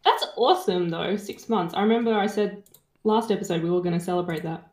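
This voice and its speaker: A woman co-hosting a podcast, cheerful and quick to laugh. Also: lowish voice, darkish tone. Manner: laughs easily, cheerful, trails off. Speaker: podcast co-host. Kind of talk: casual chat. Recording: roomy echo.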